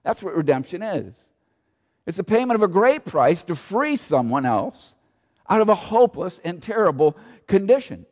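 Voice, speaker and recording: Emphatic high-voiced pastor in a reverberant church. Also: male voice, very animated, normal speed, darkish tone. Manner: emphatic, rhetorical questions, repeats key phrases. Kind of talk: sermon. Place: church sanctuary.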